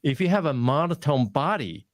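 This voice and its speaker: A man's voice: normal speed, no room sound, studio quality. A man giving a webinar talk on public speaking, with an emphatic coaching manner. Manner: coaching, emphatic, lively shifts in pitch. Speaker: guest presenter on public speaking. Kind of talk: webinar presentation.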